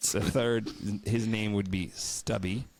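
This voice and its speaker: Gravelly, swearing podcast host. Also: male voice, lowish voice, steady tone, slow pace, heavy background noise. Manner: profane, jokey, stumbles over words. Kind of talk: casual chat, reading folklore notes aloud.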